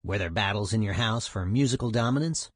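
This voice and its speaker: A man's voice: on the low side, brisk, breathy edge, no echo, clean studio sound. A man voicing a male music journalist who asks short, probing questions.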